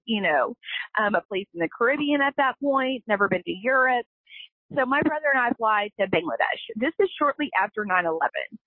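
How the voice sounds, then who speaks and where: A woman's voice: fairly high pitch, no echo. A woman, a company founder, telling her story as a guest in an earnest, emotional way. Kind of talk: casual storytelling interview. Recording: tinny phone line, dry.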